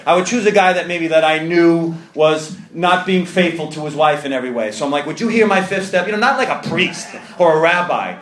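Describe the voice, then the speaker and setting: A man speaking to a meeting, his voice on the higher side and bouncing around an echoey room. He tells his story with self-mocking humor and slips into other people's voices as he goes. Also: a little fast, few pauses, fairly bright tone. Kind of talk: personal storytelling to a live audience.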